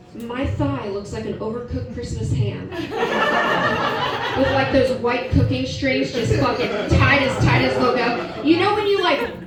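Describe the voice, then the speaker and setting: A brash, profane woman in her forties works a comedy club crowd with a high, bright voice. She is heard from a distance in a very reverberant room. Audience laughter rolls in around her. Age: 40s. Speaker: stand-up comedian. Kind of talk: stand-up comedy set with crowd work. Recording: roomy live venue, distant mic, audience laughter.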